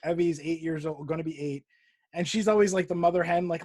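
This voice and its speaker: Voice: medium pitch, fairly quick. A podcast guest in casual chat, telling a story about their kids and acting out each child's line. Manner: animated parent anecdotes with quoted voices.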